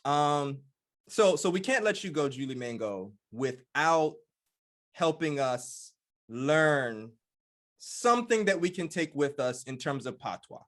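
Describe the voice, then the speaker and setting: A man from the United States hosting a podcast interview, enthusiastic and quick to affirm his guest. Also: a little high, animated, a bit bright. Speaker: podcast host.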